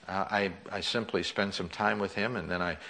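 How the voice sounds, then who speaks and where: Man preaching in a low, easy voice. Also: steady tone, normal speed, gravelly, sharp tone. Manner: conversational preaching with frequent fillers and restarts. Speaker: pastor. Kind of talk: sermon.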